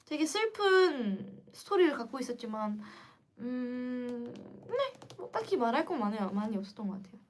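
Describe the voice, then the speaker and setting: A young woman chatting casually to viewers on a livestream, lively and quick to react. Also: a little high. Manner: chatty and animated, switching between English and Korean. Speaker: livestream host.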